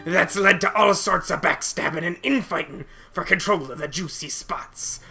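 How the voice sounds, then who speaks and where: A gruff pirate miner with a growly, drawling delivery, as a man puts him on over a video game. The voice sits fairly high and comes out very bright and sharp, with faint music underneath. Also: normal speed, exaggerated voice. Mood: grumbling. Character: gruff male pirate miner, grumbling and boastful.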